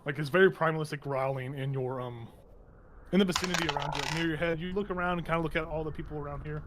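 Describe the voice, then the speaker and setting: A man's voice: fairly high pitch, steady tone, quick pace, heavy background noise. A man running a tabletop game, narrating loosely with lots of fillers and laughs. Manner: rambling, laughing, many fillers. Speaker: game master.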